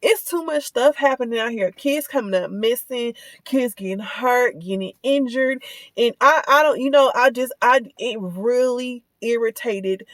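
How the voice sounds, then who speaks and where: Fired up woman venting on a vlog, kinda high voice, repeats herself a lot, dry sound. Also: a little slow, dry recording. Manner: indignant, heated, repeats herself while retelling. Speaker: parent telling a personal story. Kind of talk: casual ranting vlog.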